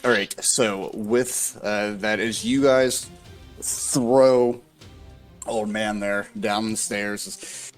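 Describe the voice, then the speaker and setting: A man narrating as dungeon master, unhurried and hesitant with many pauses and fillers. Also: lowish voice, steady tone, faint music behind. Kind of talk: narrating a tabletop game.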